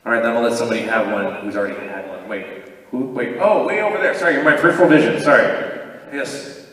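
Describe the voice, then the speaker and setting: A man's voice: mid-range voice, fast, a bit bright. A man talking casually and rambling at a convention Q&A panel, often laughing, recorded by an audience camera far from the stage in an echoey hall. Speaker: voice actor convention guest.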